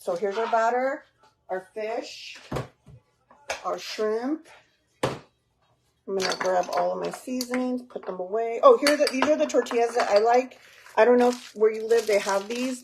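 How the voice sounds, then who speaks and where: A woman's voice: a little high, noisy background. Chatty woman hosting a cooking stream. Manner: chatty, talks to viewers, drops Spanish words. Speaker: cooking livestream host. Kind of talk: casual live cooking stream. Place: home kitchen.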